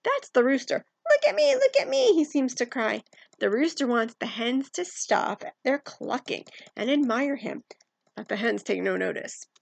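Woman music teacher, fairly high voice with vocal fry, encouraging kids, faint music behind. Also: a little slow, no echo. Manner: gentle, encouraging, asks questions of young listeners. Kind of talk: online music lesson for children.

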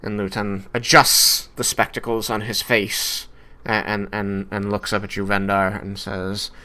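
A man narrating a tabletop game as game master, halting, with many restarts and fillers. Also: on the low side, level tone, bright, forceful tone.

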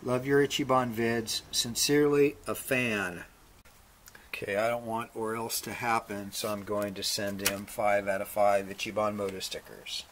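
A man's voice: lowish voice, flat delivery, moderate pace, a bit bright, a little hiss or hum. A male vlog host casually reading viewer mail, with a laid-back manner and dry humor, playing along with joke letters. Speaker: motorcycle channel host.

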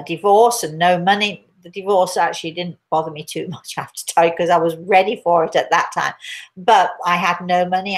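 A middle-aged woman and spiritual teacher speaking live to viewers, slow and deliberate, repeating key words for emphasis. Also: medium pitch.

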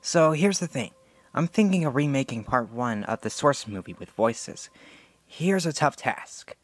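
A man's voice: mid-range voice, lively intonation, measured pace, no echo. A sixteen-year-old boy giving a casual channel update, rambling with many fillers and self-corrections, unsure of himself. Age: teen. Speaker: channel owner.

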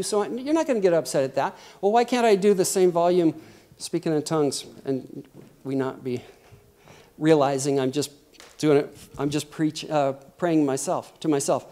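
Middle-aged guy preaching, pretty high voice, chatty and animated, acts out little quotes. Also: moderate pace. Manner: lively, conversational preaching with acted quotes. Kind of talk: sermon.

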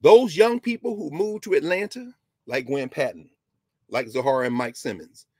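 Man, history lecturer, husky voice, emphatic storytelling, casual asides, dry close sound. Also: a little high, normal speed, darkish tone, dry recording. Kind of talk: history lecture on a talk show.

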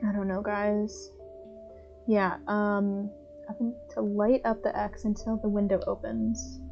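A woman's voice: mid-range voice, monotone, unhurried, gravelly, darkish tone, lo-fi sound, soft background music. A woman streaming a puzzle game live, talking casually, often puzzled, swearing and laughing as she reads chat aloud. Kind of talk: casual live gameplay commentary.

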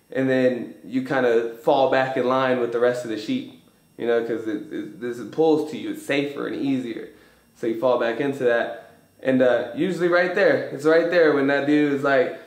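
A man's voice: medium pitch, fairly even intonation, moderate pace. Profane, emphatic man in an echoey room. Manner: profane, emphatic, street slang. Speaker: host. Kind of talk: casual motivational talk.

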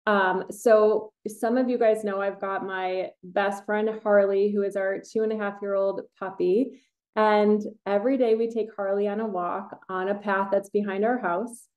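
A woman's voice: mid-range voice, level tone, moderate pace, narrow, tinny audio. A middle-aged woman hosting a casual podcast, chatty and enthusiastic, rambling a little as she talks. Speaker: podcast host, kinesiologist.

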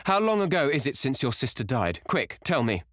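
A man voicing a frantic young gentleman who gasps and stammers in terror, then turns cold and superior, in a storybook reading. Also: low-pitched, a little fast, no echo, studio quality. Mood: urgent triumph. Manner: gasping, stammering, rising to triumphant and stern.

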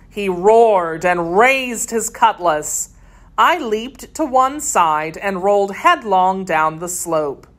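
Woman narrator for a kids' adventure read-aloud; slow, steady, expressive. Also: medium pitch. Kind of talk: reading a children's story aloud.

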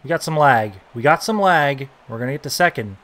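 A young man giving casual, joking commentary while playing a baseball video game, reacting loudly to big plays. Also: medium pitch, animated, fairly quick. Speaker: gaming YouTuber.

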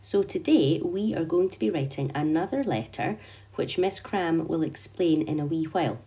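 A woman's voice: deep voice, animated, normal speed, dark tone. A Scottish woman, a primary school teacher, patiently explaining a letter-writing lesson to young children. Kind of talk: online lesson and story read-aloud.

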